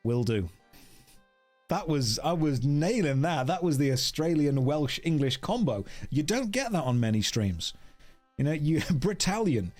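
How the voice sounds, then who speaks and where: A man's voice: on the high side, darkish tone. A man casually chatting on a game livestream, rambling and joking while reading chat aloud.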